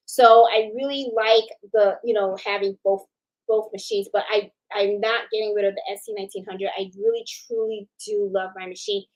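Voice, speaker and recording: A woman's voice: medium pitch, fairly even intonation, normal speed, poor audio. A middle-aged woman from New York City hosting a casual live chat, talking in a loose, chatty way full of fillers and restarts and greeting viewers one by one. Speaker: livestream host.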